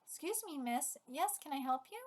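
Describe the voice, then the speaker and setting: A woman's voice: high-pitched, expressive, moderate pace. A woman reading as a polite old lady.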